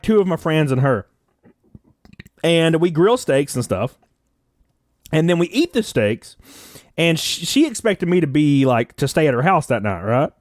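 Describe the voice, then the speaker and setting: A man's voice: fairly high pitch, no echo, clean studio sound. A young man telling relationship stories in a casual, profane and jokey way on a live stream. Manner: animated, profane, jokey storytelling. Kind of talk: casual storytelling to camera.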